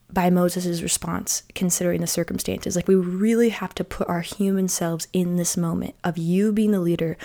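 Woman, devotional speaker, low gravelly voice, casual with whispery reading. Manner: soft, often whispery and slow on key phrases.

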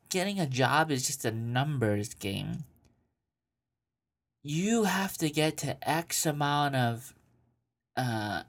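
A man's voice: mid-range voice, a bit bright. A man hosting an advice show, reading listener questions aloud and answering with crude, mocking commentary while laughing. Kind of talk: casual profane advice commentary.

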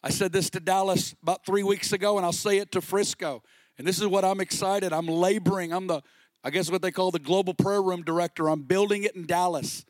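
Give me a middle-aged man with a high voice preaching passionately, recorded dry. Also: steady tone, a little fast, dry recording. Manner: impassioned, rising to shouts at peaks. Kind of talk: sermon.

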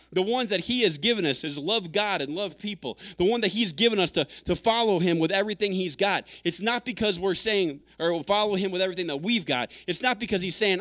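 A man's voice: high voice, a bit bright, no echo, clean studio sound. A man preaching a sermon in an earnest, conversational way, acting out quotes as he goes. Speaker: pastor.

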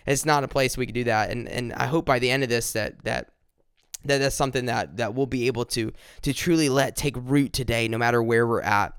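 A man from upstate South Carolina, giving an earnest, informal devotional talk that slows down and repeats words when he reads scripture. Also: mid-range voice, clean tone, dry recording, studio quality. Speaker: devotional speaker.

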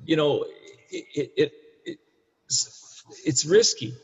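A man's voice: fairly high pitch, takes it slowly, husky. A man in his sixties from Canada telling a hard personal story as a guest, rambling and restarting, blunt and sometimes profane. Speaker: guest, addiction counselor for men. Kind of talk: candid storytelling in conversation. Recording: dull, echoey room recording.

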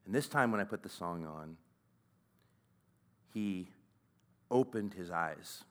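Man in his 40s, low smooth voice, conversational conference speaker with a halting delivery. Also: animated, fairly bright tone. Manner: conversational, halting, with frequent fillers. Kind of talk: personal storytelling talk.

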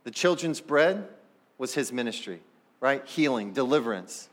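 A man's voice: mid-range voice, expressive, normal speed. A man preaching a sermon as pastor, talking straight to the congregation in a conversational way. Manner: acts out the people in the story.

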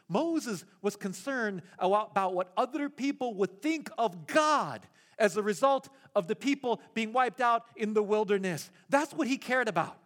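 A male pastor preaching a sermon in an animated way, often repeating words as he goes. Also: high voice.

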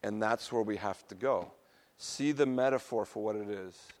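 A middle-aged male pastor preaching a sermon, telling personal stories in a relaxed, conversational way and laughing at himself now and then. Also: on the low side, normal speed.

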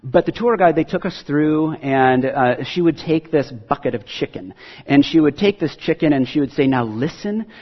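A man preaching to a church in a relaxed, chatty way, telling stories between verses. His voice is husky, and the recording sounds dull and lo-fi. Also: on the high side, normal speed. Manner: conversational, storytelling preacher with fillers. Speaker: pastor. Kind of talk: sermon.

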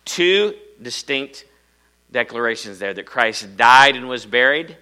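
A man preaching a sermon as pastor, swinging between loud emphatic bursts and quiet asides, acting out small quoted voices in his stories. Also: mid-range voice, a little slow, smooth. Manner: acts out little quoted voices in his story.

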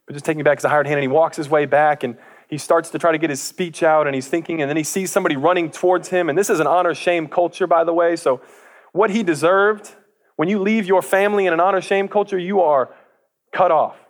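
A man preaching in a loose, conversational way, slipping into slang and stumbling over restarts as he goes. He retells a parable with real animation and jumps into voices for each character. His voice sits a little on the higher side. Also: fairly quick. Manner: lively storytelling, acts out characters' voices; casual slang, stammered restarts.

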